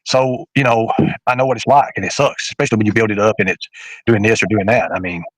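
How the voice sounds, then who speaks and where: Fast-talking rambling man. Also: fairly low pitch, fairly bright tone, slight background noise, rough recording. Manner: rambling, with many fillers and restarts. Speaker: livestream host. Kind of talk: casual livestream chat.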